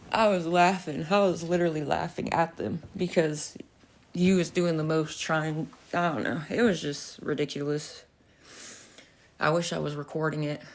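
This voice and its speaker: A young woman chatting casually on a livestream, telling a story with animated energy, swearing and laughing, a bit out of breath. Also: low-pitched, unhurried, long pauses. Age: young adult.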